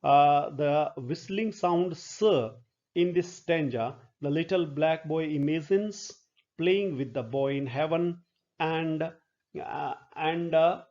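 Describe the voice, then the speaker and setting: A middle-aged male professor lectures on poetry at a very unhurried pace, his voice sitting a little high for a man. He explains each point deliberately, pausing with the odd filler. The recording sounds dull and lo-fi. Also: darkish tone. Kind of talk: literature lecture.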